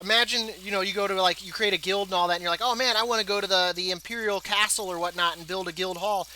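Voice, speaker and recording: A man streaming live, chatting casually while he plays a game, in a rambling, animated way full of filler words. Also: sits high, fast talker, slight background noise, poor audio.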